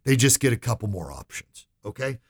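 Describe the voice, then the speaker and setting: Gravelly, folksy male radio host. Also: mid-range voice, very animated, a little fast. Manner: folksy and emphatic, keeps asking "right?" and "okay?". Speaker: financial advisor and radio show host. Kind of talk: radio talk show, direct address to listeners.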